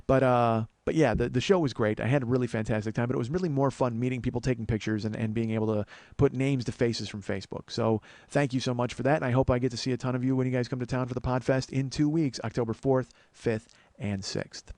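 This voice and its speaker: Quick, crude, self-mocking male podcast host in his forties; rambling monologue, dry close sound. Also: medium pitch, steady tone, darkish tone, no echo. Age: 40s.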